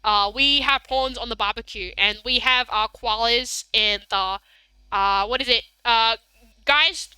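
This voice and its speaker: A woman's voice: fairly high pitch, a little slow, bright, forceful tone, clean tone, dry recording, low-quality recording. A woman doing an exaggerated broad rural Australian voice, a hearty ocker bloke with a hammed-up drawl and slang. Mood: jokey.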